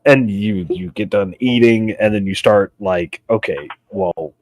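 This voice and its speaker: A man's voice: lowish voice, unhurried, darkish tone, slight background noise. A man chatting casually as a co-host, telling laid-back stories and swearing now and then. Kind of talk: casual chat.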